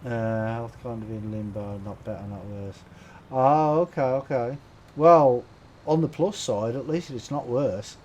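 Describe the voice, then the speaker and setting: Brummie man, laid-back streamer who chats to viewers as he plays and laughs a lot, mellow tone, mid pitch. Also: a little slow, slight background noise, rough recording. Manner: chatty, laughs often, greets viewers while playing. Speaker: game streamer. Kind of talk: casual live-stream commentary.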